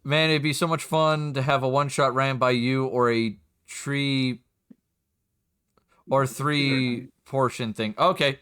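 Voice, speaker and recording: A man's voice: medium pitch, steady tone, slow, fairly bright tone, smooth. A man, a game master and streamer, chatting casually and rambling as he sets up the session. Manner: rambling, chatty, self-interrupting.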